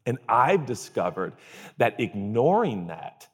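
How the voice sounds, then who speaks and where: A man's voice: very animated, takes it slowly, breathy edge. Man preaching in a reverberant hall. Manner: comic storytelling, acts out groans and quotes in a high voice. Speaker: pastor. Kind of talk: sermon.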